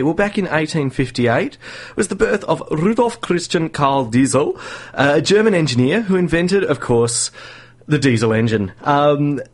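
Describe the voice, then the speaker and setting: A chatty man hosting a casual radio show. He talks loosely, with plenty of ums and uhs, and laughs often. His pitch sits in a middle range for a man.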